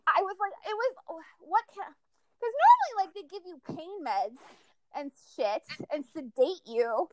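A woman hosting a casual chat, telling a story with animated, profane delivery and lots of acted-out quotes. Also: extremely high pitch, a little slow, dry recording.

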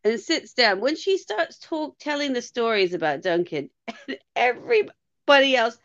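A woman co-hosting a podcast, chatting casually about a reality show, animated and quick to laugh. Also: fairly high pitch, dull audio. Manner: animated, mimics people, laughs often. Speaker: podcast co-host.

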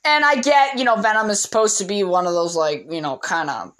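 A woman's voice: mid-range voice, fairly quick, a bit bright. A woman giving a casual, candid movie opinion monologue, with frequent fillers and the odd swear word. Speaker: movie commentator.

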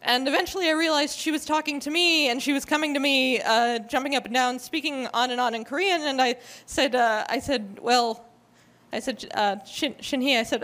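A woman sharing a personal testimony in church, hesitant with many fillers, growing animated as she retells the story. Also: high voice, normal speed.

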